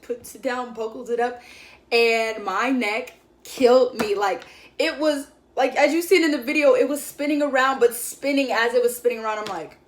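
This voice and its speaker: A woman's voice: a little high, moderate pace. A young woman vlogger telling a story in a casual, chatty way, full of "like" and acted-out quotes of her friends. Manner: chatty, filler-heavy, acts out quoted friends.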